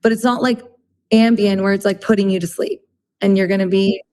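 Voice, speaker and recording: A woman's voice: mid-range voice, steady tone, fairly quick, dark tone. An earnest woman guest with a mid-range voice, explaining things in a casual, filler-heavy way. She circles back to restate her point in plain terms. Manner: earnest explainer, full of "like" and "you know". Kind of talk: casual podcast interview.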